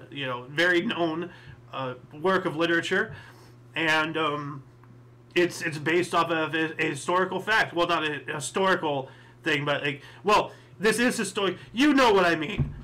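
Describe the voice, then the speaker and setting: A man's voice: fairly high pitch, bright, forceful tone. A man hosting a history show, reading dates and thinking aloud in casual solo commentary with many fillers and asides.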